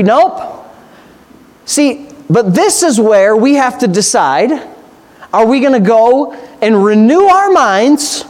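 High-voiced man preaching with fervor. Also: very animated, slow, darkish tone. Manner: impassioned, repetitive preaching. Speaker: pastor. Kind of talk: sermon.

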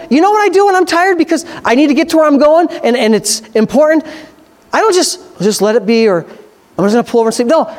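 A man delivers a sermon. He reads scripture slowly and carefully. He then builds into loud, excited exhortation, with his voice climbing. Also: very high voice. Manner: swings from slow scripture reading to loud excited preaching. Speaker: preacher.

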